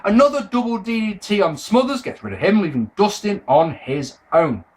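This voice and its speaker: A man's voice: high-pitched, lively intonation, moderate pace. A man giving a casual, sarcastic review of a wrestling show, ranting with exasperation and frequent swearing.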